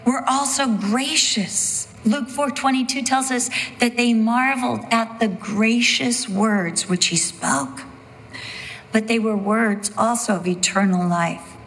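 A woman preaching a sermon slowly and emphatically, with dramatic pauses. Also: a little high, fairly even intonation, fairly bright tone, in a large hall, low-quality recording.

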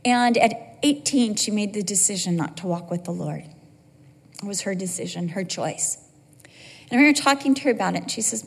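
A woman's voice: mid-range voice, animated, normal speed, vocal fry, breathy edge. A middle-aged woman giving an emotional testimony in sermon style, her voice rising and cracking as she tells the story. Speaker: speaker. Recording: long hall reverb.

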